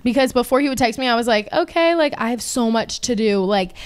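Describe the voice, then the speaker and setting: Animated young woman telling a story. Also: a little high, quick pace, clear, resonant tone. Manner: animated, swears freely, acts out quotes. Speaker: podcast co-host. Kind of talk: casual storytelling chat.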